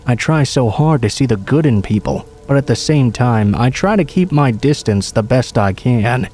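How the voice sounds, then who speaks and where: A man reading a true horror story aloud in calm, measured scripted narration. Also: mid-range voice.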